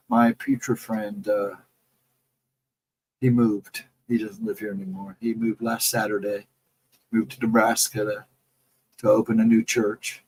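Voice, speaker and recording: A man's voice: fairly low pitch, steady tone, unhurried, pauses often, a little mellow, husky, low-quality recording. A man hosting a casual late-night livestream, telling rambling folksy stories and answering his chat. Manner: rambling, folksy storytelling with restarts; reads out chat comments and answers them. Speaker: livestream host.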